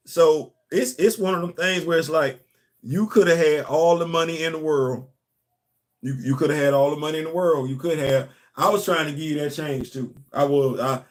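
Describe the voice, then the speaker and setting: Emphatic ranting man, fairly high voice. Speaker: host. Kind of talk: casual commentary.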